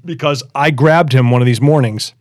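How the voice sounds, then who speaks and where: A man in his forties hosting a podcast, telling a personal story in a lively, casual way, acting out quotes and repeating himself. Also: medium pitch, moderate pace, dry recording, studio quality. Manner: animated, acts out quotes, repeats words. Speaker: podcast host.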